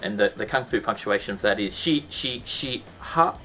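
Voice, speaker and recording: A man's voice: on the low side, expressive, moderate pace, bright, forceful tone, a little hiss or hum. A man teaching a casual lesson, chatty and full of ums and restarts, breaking into sound effects.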